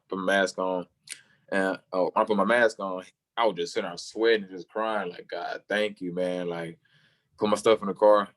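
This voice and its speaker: A young man, a football player, telling his story in an interview and acting out the people he quotes, sometimes jumping way up in pitch for their lines. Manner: acts out quoted voices, jumping high for other people.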